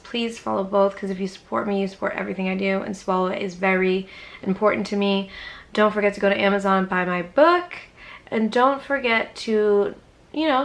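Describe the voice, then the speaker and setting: Woman, young adult, from Massachusetts, YouTuber. Gravelly, profane storyteller with whispered asides. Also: mid-range voice, a bit bright. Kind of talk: casual storytime vlog.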